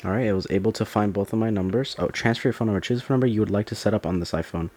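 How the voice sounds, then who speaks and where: Young male tech vlogger, slightly low voice, eager and rambly, home unboxing. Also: rapid-fire. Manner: excitable, rambling with many fillers and restarts. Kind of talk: casual unboxing narration. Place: dim room at home.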